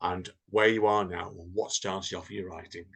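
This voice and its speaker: A man's voice: low-pitched, fairly even intonation, normal speed, a bit bright, breathy edge. A tired man hosting a podcast in a loose, rambling casual chat, laughing often. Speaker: podcast host.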